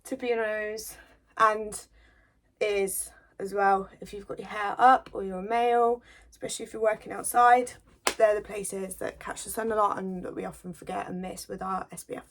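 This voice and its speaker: A woman's voice: medium pitch, level tone, normal speed. A woman from the English Midlands, a beauty vlogger chatting to viewers like a friend in a get-ready-with-me makeup video, with a slight cold coming on. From English Midlands, near Birmingham.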